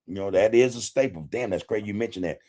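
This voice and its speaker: A podcast host reads live chat comments on a casual livestream in a laid-back way, swearing freely and chuckling often. His fairly low, dark-toned voice moves fast.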